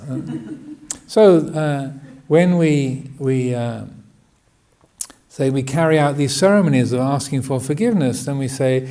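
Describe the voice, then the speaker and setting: A man giving a Buddhist dharma talk, hesitant and full of restarts, often laughing gently. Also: medium pitch, unhurried. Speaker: Buddhist monk teaching.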